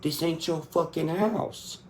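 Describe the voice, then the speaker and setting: A man in his thirties vents in a long, profane spoken rant. His voice is mellow and dark. A little faint noise sits under the recording. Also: on the high side, slow. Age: 30s. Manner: angry, profane, venting. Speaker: country rap artist.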